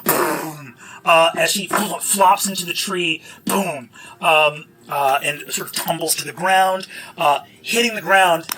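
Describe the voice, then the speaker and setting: A man's voice: a little high, measured pace, few pauses, low-quality recording. A man running a tabletop game as game master, narrating playfully and acting out the creatures. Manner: animated, playful, acts out creatures.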